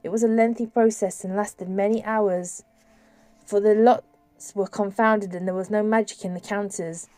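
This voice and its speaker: Woman audiobook narrator, measured and steady, mellow timbre, dry close-mic sound. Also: medium pitch, dry recording.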